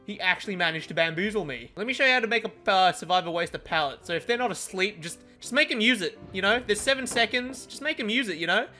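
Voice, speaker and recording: A young man rattles off live gameplay commentary in a bright, forceful voice that swings all over in pitch. He is excitable and swears freely, muttering to himself between bursts. Soft music plays faintly behind him. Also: fast talker, few pauses. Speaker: gaming streamer.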